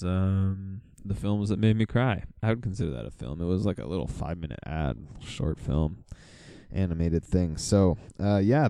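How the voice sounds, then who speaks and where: Deep, gravelly-voiced man hosting a podcast. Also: warm tone, no echo. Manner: rambling, filler-heavy storytelling. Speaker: podcast host. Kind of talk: casual solo podcast monologue.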